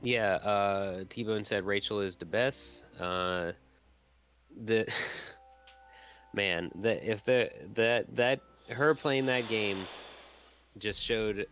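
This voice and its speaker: A man's voice: lowish voice, very slow, fairly bright tone. A man co-hosting a gaming stream, chatting casually and making wry jokes. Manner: wry, joking asides. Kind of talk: casual chat while gaming. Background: game music.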